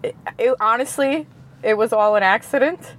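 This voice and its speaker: A woman from Queens, New York, chatting as a guest, an animated storyteller who acts out the dialogue in her stories and laughs often. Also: fairly high pitch, normal speed, low-quality recording. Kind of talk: casual chat. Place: in a car.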